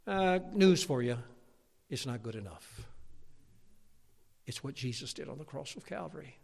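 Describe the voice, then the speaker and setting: A middle-aged man preaching a sermon, lively and animated, climbing to near-shouts and acting out his listeners' objections. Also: medium pitch, moderate pace, creaky, pauses often. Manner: animated, rising to near-shouts when stirred up; acts out imagined listeners' objections.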